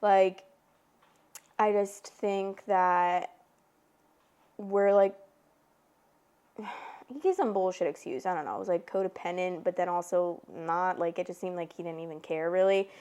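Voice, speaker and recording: A woman in her twenties, hosting a podcast, telling a personal story in casual chat, full of "like" and lively retold dialogue. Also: on the low side, normal speed. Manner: chatty, frequent "like", animated retellings. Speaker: podcast host.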